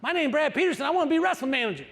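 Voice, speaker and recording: Eager polite teen boy, as a guy puts him on, high and bouncy, big echoey hall. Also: lively intonation, rapid-fire, gravelly, a bit bright, full character voice.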